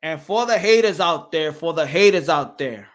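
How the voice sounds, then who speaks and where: A man hosting a boxing channel, talking casually and excitedly on a livestream, trash-talking and laughing. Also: a little high, normal speed.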